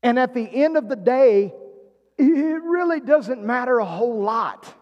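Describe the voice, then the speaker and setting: A man's voice: very high voice, lively intonation, a little slow, muffled recording. A man preaching a sermon as pastor, drawing the congregation in with calls and questions. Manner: preaching with call-and-response prompts. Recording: long hall reverb.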